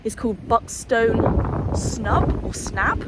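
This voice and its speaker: A woman's voice: fairly high pitch, expressive, slow pace. A woman chatting casually and swearing freely as she vlogs a hill walk outdoors, holding the camera herself. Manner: chatty, sweary, self-deprecating. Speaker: hiking vlogger. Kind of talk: casual vlog chat while walking. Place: windy hillside outdoors. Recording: windy outdoor noise.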